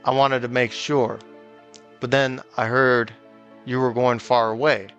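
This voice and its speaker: A man's voice: medium pitch, little pitch movement, unhurried, a bit bright, lo-fi sound, soft background music. A man reading aloud the lines of an earnest young woman from a video game, in his own plain voice. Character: earnest young woman confessing her worries.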